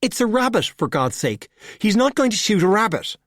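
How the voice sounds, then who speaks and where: A sarcastic, impatient young woman, read by a man, in an audiobook. Her voice sits higher than the reader's own and stays husky, with lively pitch swings. The sound is dry and close. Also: fairly quick, no room sound. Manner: snappy, sarcastic, raised voice.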